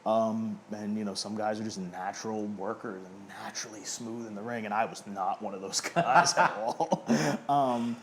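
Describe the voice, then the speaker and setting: A man's voice: on the low side, moderate pace, hardly any pauses, a little hiss or hum. A man in his thirties, an independent pro wrestler, chatting casually and self-deprecatingly in an interview. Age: 30s. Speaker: indie pro wrestler guest.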